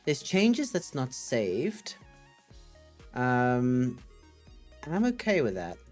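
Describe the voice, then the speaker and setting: A man's voice: mid-range voice, wildly swooping pitch, slow, a little mellow, faint music behind. A man hosting a casual coding livestream, thinking aloud and chatting with viewers in a rambling, upbeat way. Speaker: livestream host.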